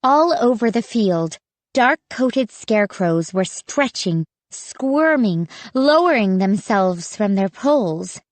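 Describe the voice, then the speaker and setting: A woman narrating a spooky children's audiobook in a measured, suspenseful reading. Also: mid-range voice, expressive, dry recording. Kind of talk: scripted horror narration.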